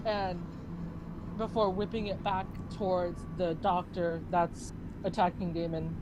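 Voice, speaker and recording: A woman's voice: fairly low pitch, level tone, unhurried, music in the background, poor audio. A woman playing in a tabletop game, asking questions and sounding unsure. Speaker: player.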